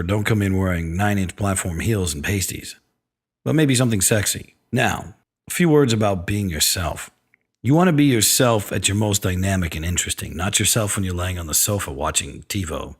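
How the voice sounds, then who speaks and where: A man's voice: sits low, husky. A man who directs films hosts a radio advice segment for actors, talking frankly and wryly. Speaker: film director and acting coach, radio segment host.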